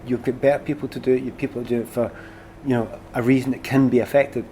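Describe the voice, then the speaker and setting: A middle-aged man with a Glasgow Scottish accent, a former footballer being interviewed, telling stories in a lively, self-deprecating way. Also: medium pitch, quick pace, a little hiss or hum. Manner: animated, self-deprecating storyteller. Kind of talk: casual conversation.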